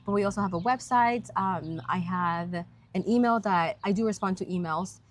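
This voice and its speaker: A woman's voice: medium pitch, moderate pace, slight background noise. A woman speaking as a podcast guest, earnest and upbeat in casual conversation. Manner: earnest and upbeat, talks about civic engagement. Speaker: guest, county attorney. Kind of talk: casual interview chat. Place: outdoors in a park.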